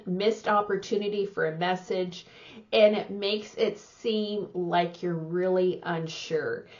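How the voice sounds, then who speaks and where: Slow, measured middle-aged woman coach. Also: mid-range voice, muffled recording. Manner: measured, emphatic teaching with many "okay?" checks. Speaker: communication coach. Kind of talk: instructional talk to camera.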